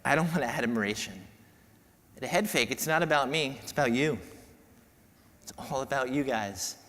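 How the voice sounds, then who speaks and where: A man gives a moving keynote to his peers, speaking from the heart with frequent restarts and repeated words. His voice sits in a middle pitch. The sound carries the long reverb of a large conference hall. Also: normal speed, a bit bright. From New York. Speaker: podiatrist giving a keynote talk. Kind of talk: emotional speech to a conference audience.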